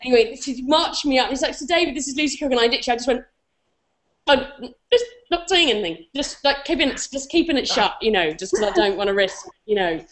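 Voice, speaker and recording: Woman, forties, rambling storyteller, fairly high voice, self-deprecating, lots of fillers. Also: lively intonation, fast, fairly bright tone. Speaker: guest telling a story. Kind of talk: animated anecdote on a talk show.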